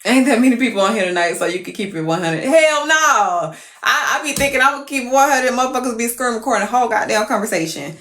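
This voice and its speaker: A woman telling a story to viewers on a live stream, animated and profane. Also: a little high, fast, roomy sound.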